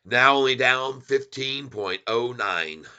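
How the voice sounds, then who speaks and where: A middle-aged man giving excited, folksy commentary on a stock chart, repeating himself for emphasis and calling his viewers folks. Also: mid-range voice, slow, clear, resonant tone, highs cut off.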